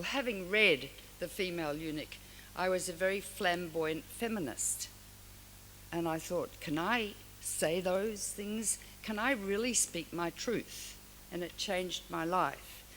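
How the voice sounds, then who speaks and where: Older woman telling her story at an award ceremony, low-ish voice, echoey hall with a bit of hiss. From Australia. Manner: frank, storytelling, animated asides. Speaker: award speaker. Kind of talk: personal speech to an audience. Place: large hall. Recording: long hall reverb, faint hiss.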